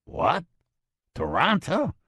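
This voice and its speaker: A man voicing a gruff, gravelly mob contact in an audiobook, curt and impatient. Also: on the low side, wildly swooping pitch, unhurried, dry recording, clean studio sound, exaggerated voice. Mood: incredulous.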